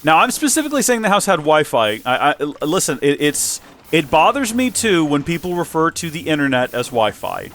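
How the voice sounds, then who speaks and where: A man's voice: on the high side, very animated, fairly quick, a bit bright, a little hiss or hum. An American man hosting his channel, chatting casually in a rambling, self-correcting way with emphatic asides. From United States. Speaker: channel host. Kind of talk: casual vlog chat.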